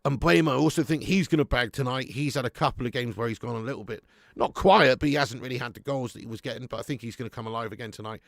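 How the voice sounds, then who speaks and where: A man hosting a live football watch-along, bantering loudly, swearing and reading out chat messages on a close mic. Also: mid-range voice, quick pace, vocal fry, no room sound. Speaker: fan channel host.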